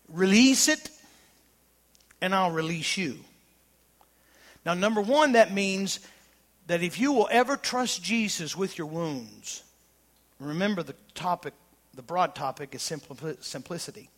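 A male pastor preaching a sermon, swinging from loud emphatic declarations to hushed, intimate tones. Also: sits high.

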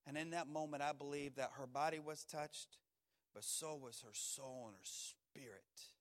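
A man preaching a sermon, swinging from hushed, slow words to loud, urgent ones. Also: fairly high pitch.

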